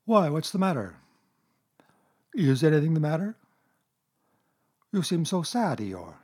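A man's voice: fairly high pitch, big pitch swings, measured pace, darkish tone, breathy edge, voice pushed up, exaggerated voice. Pooh, a man doing a kindly simple bear. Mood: innocent. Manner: innocent, sing-song. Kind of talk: storybook reading.

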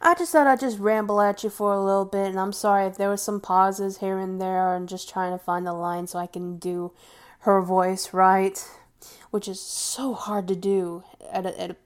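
A woman's voice: medium pitch, steady tone, moderate pace. A woman talking in a casual, rambling monologue, gushing and sometimes dropping to a whisper.

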